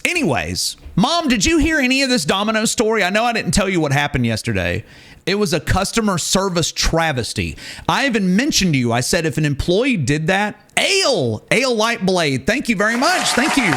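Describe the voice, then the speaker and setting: A man's voice: high-pitched, heavy background noise. A male streamer chatting live, ranting emphatically and repeating words for effect. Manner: animated, ranting, emphatic repetition.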